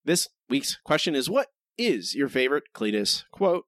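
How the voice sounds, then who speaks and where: A man's voice: mid-range voice, sing-song, normal speed, heavy background noise. A man co-hosting a podcast, reading listener reviews aloud in a wry, casual way. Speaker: podcast co-host.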